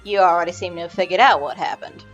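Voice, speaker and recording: Brief: gruff Western wizard, slow and low drawl, voiced by a woman, dull lo-fi recording. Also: soft background music, natural voice. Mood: dry. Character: gruff folksy male wizard of the Wild West.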